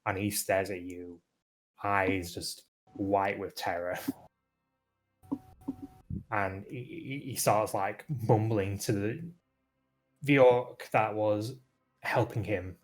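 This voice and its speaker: A man narrating as game master in a tabletop game, relaxed and lightly amused. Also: lowish voice, slow, pauses often, soft background music.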